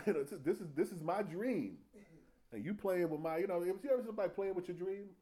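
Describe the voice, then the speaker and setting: A male preacher, whose speaking voice sits somewhat high. He delivers his sermon in a chatty, joking way, full of slang asides and easy laughter. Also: quick pace. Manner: animated, jokey, laughs often, folksy slang. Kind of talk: humorous conversational sermon.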